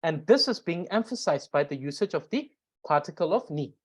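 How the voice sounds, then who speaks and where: A woman's voice: fairly low pitch, expressive, moderate pace. A woman teaching a grammar lesson, explaining step by step with frequent fillers and repetition. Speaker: language teacher.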